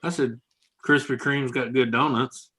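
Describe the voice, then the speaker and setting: Everyday guy, average pitch, salty storyteller who cracks himself up. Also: fairly even intonation, measured pace, bright, forceful tone, husky. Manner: crude, laughing storyteller. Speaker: friend in group call. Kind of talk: casual chat.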